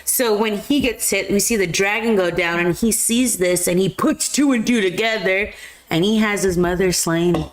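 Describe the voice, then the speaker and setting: A young adult woman co-hosting a casual movie chat, slangy and quick to laugh, swearing freely. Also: medium pitch, rough recording. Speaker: podcast co-host.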